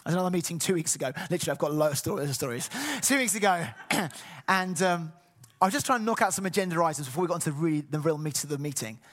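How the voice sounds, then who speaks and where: A middle-aged man preaching a sermon, telling personal stories with animated, acted-out dialogue. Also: fairly high pitch, very fast. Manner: animated storytelling, acts out voices.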